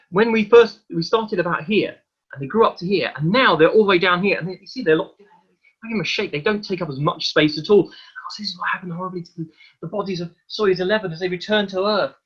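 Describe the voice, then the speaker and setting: Guy doing a science demo over a dull lo-fi video call, bright voice bit husky. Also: sits high. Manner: lively, hands-on explaining to children. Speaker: science presenter. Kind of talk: live online science demonstration.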